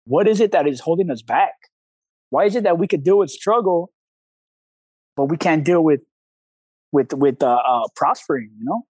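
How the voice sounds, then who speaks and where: Male coach guest, high-pitched, blunt storyteller with slang, recorded dry and close. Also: expressive, normal speed, long pauses, a little mellow, breathy edge, dry recording, low-quality recording. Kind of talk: casual interview talk.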